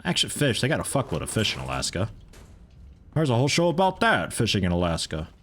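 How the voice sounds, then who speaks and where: A man's voice: lowish voice, huge pitch swings, fast, a bit bright, slight background noise. A young man giving rambling, laid-back let's play commentary, swearing and chuckling now and then. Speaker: streamer playing a video game.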